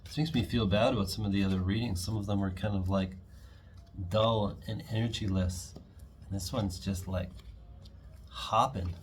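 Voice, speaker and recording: Excitable low-voiced man reading tarot. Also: moderate pace, a little hiss or hum. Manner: enthusiastic, chatty, acts out quotes. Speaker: tarot reader.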